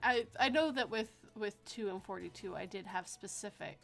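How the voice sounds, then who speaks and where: A woman's voice: mid-range voice, moderate pace, gravelly, fairly bright tone, faint music behind. A woman hosting a casual podcast chat, chatty and giggly. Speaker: podcast host.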